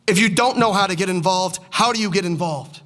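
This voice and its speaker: A man's voice: sits high, fairly quick, fairly bright tone. A young man speaking as a head football coach at a press conference, emotional and fired up, repeating his points.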